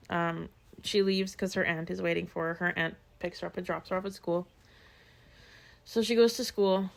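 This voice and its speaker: A woman chats her way through a true-crime story on a podcast, full of fillers and quoted asides. Her voice sits a little low and has a gravelly edge. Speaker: podcast co-host. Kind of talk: casual chat, retelling true-crime stories.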